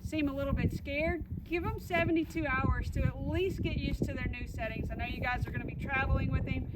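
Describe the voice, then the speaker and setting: Woman dog trainer with a high voice, reassuring and repetitive, heard from a distance over loud background noise. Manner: reassuring, repeats key points. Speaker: puppy trainer. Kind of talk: instructional dog-training walkthrough.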